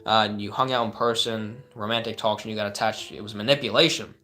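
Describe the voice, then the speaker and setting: A man's voice: on the low side, fairly even intonation, fast, sharp tone. A man working as a life coach, talking casually and earnestly on a live advice stream as he answers chat questions, often saying "like" and restarting his sentences.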